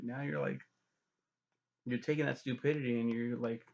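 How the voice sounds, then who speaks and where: A man giving a rambling, profane casual movie recap, slipping into quick voices for the characters. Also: medium pitch, expressive, gravelly, lo-fi sound. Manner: loose, profane, mimics characters in quick asides. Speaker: film reviewer.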